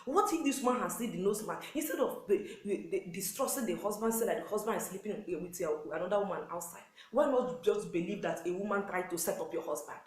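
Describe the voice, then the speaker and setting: A woman's voice: medium pitch, a little fast, few pauses, reverberant, rough recording. A woman with a Nigerian accent, a pastor's wife, giving earnest sermon-style marriage advice to wives and repeating key points. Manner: earnest, repetitive exhortation with acted quotes.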